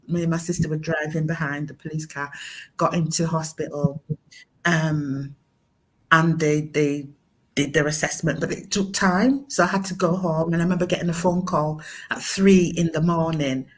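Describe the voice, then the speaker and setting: A middle-aged woman telling a personal story in conversation, halting, with many fillers and restarts. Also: sits low, fairly even intonation. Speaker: guest, mother of a son with mental illness.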